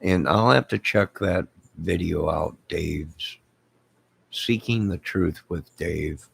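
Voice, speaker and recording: Slow, gravelly, deep-voiced man. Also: a bit bright. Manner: rambling, repeats friendly sign-offs. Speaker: YouTube channel host. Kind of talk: casual live-stream chat to viewers.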